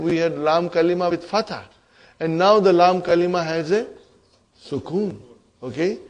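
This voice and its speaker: The same kind of grammar lesson comes from a questioning male Arabic teacher whose higher voice is a little mellow. Addressing students as brothers and sisters in the classroom, he quizzes them and often checks with "okay?" or "huh?"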